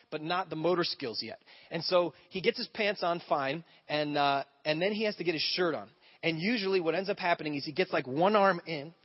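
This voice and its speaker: A man preaching a sermon as a pastor, telling stories with animated acted-out voices. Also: a little high. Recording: dull lo-fi sound.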